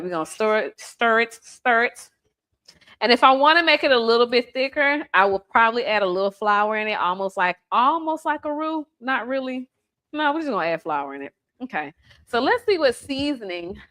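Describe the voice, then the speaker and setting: A woman's voice: mid-range voice, a bit bright. A woman hosting a casual home cooking demonstration in her kitchen, chatty and playful, teasing the person filming. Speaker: home cook host.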